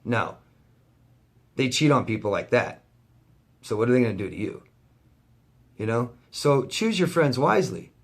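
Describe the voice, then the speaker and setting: A man's voice: mid-range voice, very animated, moderate pace, pauses often, breathy edge. A man, a life coach, talking straight to camera in a vlog, blunt and heated, swearing often and repeating himself for emphasis. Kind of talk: direct-to-camera vlog rant.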